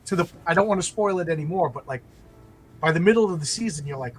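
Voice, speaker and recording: A man with a slightly high voice talks loosely and eagerly, stumbling over restarts as he retells a story and acts out bits of dialogue. A faint hiss of noise sits under the recording. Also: fast talker, poor audio. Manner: rambling, animated retelling with many restarts and acted-out quotes. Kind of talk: casual chat.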